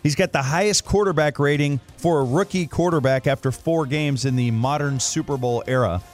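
A man's voice: a little high, a little fast, faint music behind. A man hosting a sports radio show, steering the talk and running through game previews and stats.

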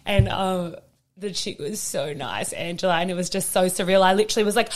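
A young woman with an Australian accent talks in a lively, unfiltered way. She swears freely and throws herself into acting out the people in her stories. Her pitch sits in the middle for a woman. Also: a little fast. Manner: animated storytelling, swears freely, acts out quotes. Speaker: podcast co-host. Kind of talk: casual chat.

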